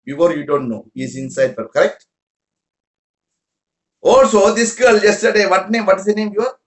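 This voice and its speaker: A man's voice: sits high, normal speed. A man giving an informal spiritual talk to followers in broken English, repeating words and asking listeners questions. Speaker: spiritual teacher. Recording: roomy echo.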